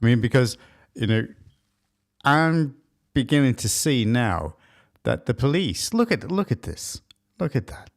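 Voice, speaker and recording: A man's voice: medium pitch, sing-song, unhurried. A man co-hosting a casual commentary show, musing and loosely phrased. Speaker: co-host.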